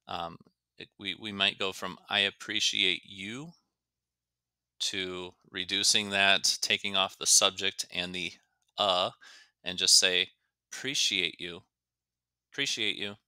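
Slow, deep-voiced man teaching English. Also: sharp tone, clear, resonant tone, no echo. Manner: slow, careful, demonstrates words by stretching them out. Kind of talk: explaining grammar and pronunciation.

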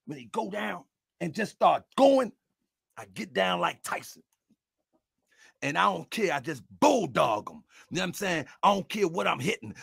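A middle-aged man hosting a fiery commentary monologue, who yells often, gets excited and laughs between phrases. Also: high voice, vocal fry, husky, dry recording, studio quality. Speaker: online commentary host.

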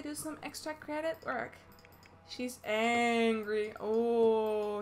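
High-pitched unhurried woman gamer. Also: darkish tone, slight background noise. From Netherlands. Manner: chatty, narrating her own game actions. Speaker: gaming YouTuber. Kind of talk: casual Let's Play commentary.

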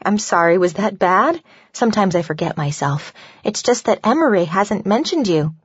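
A woman's voice: medium pitch, animated, moderate pace, breathy edge, dry recording, lo-fi sound. A woman reading a blunt, sugary socialite.

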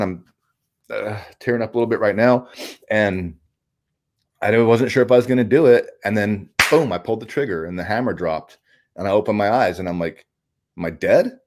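Lowish-voiced man, halting and raw. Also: a little mellow. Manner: halting, with frequent restarts and repeated words; blunt and profane. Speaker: guest. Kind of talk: personal storytelling in an interview.

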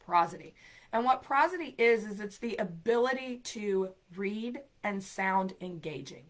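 Woman host, upbeat, chatty, emphatic, mid-pitched voice, exam coaching talk. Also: animated, a little slow. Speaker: ESL program coordinator and show host. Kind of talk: live-streamed exam tips talk.

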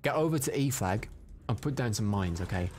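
A man giving live commentary over his own gameplay, excitable and prone to loud frustrated outbursts, chatting with his viewers between rounds. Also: fairly low pitch, a little fast, faint music behind. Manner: chats to viewers and reads out their comments. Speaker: live streamer.

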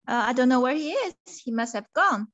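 Woman voicing gentle old Mister Sai. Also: sits high, lively intonation, fairly quick, no room sound, muffled recording. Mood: calm.

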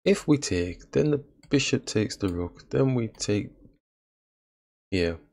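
A man's voice: fairly low pitch, animated, takes it slowly, vocal fry, darkish tone. A man giving casual commentary on his own chess game, laughing at his own blunders. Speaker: chess streamer.

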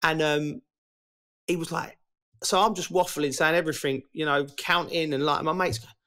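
Bloke co-hosting a podcast, slightly high voice, chatty and jokey. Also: male voice, steady tone, moderate pace, sharp tone. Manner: chatty, laughing storyteller, drops "mate". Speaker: podcast co-host. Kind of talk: casual podcast chat.

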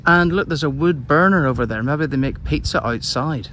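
With a fairly high and slightly bright voice at normal speed, a man vlogs his walk along a beach and vineyard paths. He's a travel vlogger chatting and pointing things out, with outdoor noise audible behind him.

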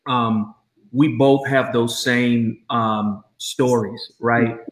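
A man's voice: medium pitch, fairly even intonation, drawn-out words. A middle-aged man hosting a podcast interview, enthusiastic and encouraging, often repeating words as he starts a thought. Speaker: podcast host. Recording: roomy echoey room.

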